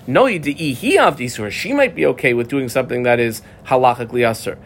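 A man teaches a Talmud class in a lively, conversational style, switching between English and Aramaic terms. He has a mid-range voice and talks fast.

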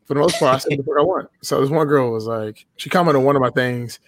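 A man telling stories in relaxed, profane podcast chat, often acting out what other people said. His voice sits in a middle range and comes across dry and close, with little room sound. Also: medium pitch, fast talker, no echo. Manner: profane, laid-back storytelling with quoted voices. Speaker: guest, beard-care business owner.

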